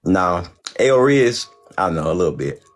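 A man's voice: sits low, big pitch swings, unhurried, faint music behind. A man from Oklahoma, a livestream guest, joking in a playful, needling way and repeating his phrases. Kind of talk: comic livestream banter.

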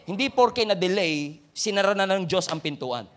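A man's voice: high voice, lively intonation, moderate pace, a bit bright. A man with a Filipino accent preaching a sermon, talking conversationally and often turning to his listeners with questions and calls to action.

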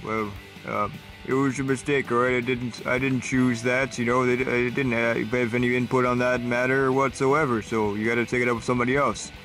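A man's voice: medium pitch, level tone, a little fast, fairly bright tone, faint music behind. A man performing a scripted comedy sketch, switching between goofy character voices. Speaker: comedy sketch creator voicing several characters.

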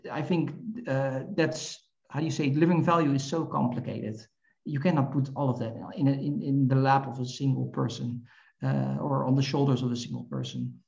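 A middle-aged man from the Netherlands, a native Dutch speaker, answering questions in English fast, with many restarts and repeated words. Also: medium pitch, vocal fry, darkish tone. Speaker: guest speaker. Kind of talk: conversational Q&A answers. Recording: echoey, dull lo-fi call audio.

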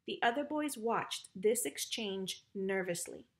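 A woman narrating a children's storybook in an expressive, lively reading. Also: mid-range voice, unhurried.

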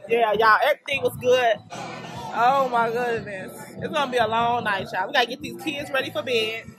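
A woman's voice: on the high side, moderate pace, fairly bright tone, soft background music. A young woman and mother in a casual vlog chat, talking to her viewers in a chatty way and often calling them y'all. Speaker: vlogger and mother.

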